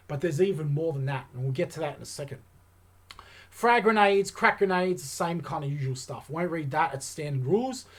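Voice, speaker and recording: A man breaks down tabletop game rules in an easygoing, excited way, often pausing on "um" and "you know" as he works things out. His voice sits a little higher than most men's. It sounds like a relaxed hobby channel host chatting to viewers. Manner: enthusiastic, chatty, thinks aloud with many fillers.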